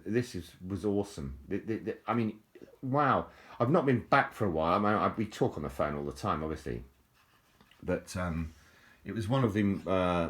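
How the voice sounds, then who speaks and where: A middle-aged man, rambling in a casual, jokey video monologue with frequent restarts. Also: sits low. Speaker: vlogger.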